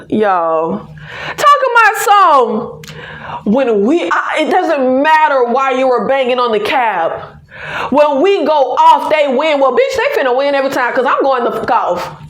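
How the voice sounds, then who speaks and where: Exasperated high-voiced woman ranting a review. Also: very animated, a little slow, fairly bright tone. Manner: exasperated, profane, dramatic sighs and repeated "I can't". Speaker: TV recap reviewer. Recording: echoey room.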